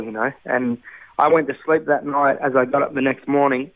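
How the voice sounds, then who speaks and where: A man's voice: mid-range voice, fairly even intonation, a little fast, no echo. A man, telling his personal testimony in an earnest, heartfelt way with many fillers. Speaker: guest sharing testimony. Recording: tinny phone-like radio sound.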